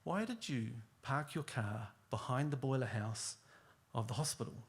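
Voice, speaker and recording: A man voicing a deliberate defence lawyer questioning witnesses in court. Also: medium pitch, animated, breathy edge. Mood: measured. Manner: measured, questioning, repetitive.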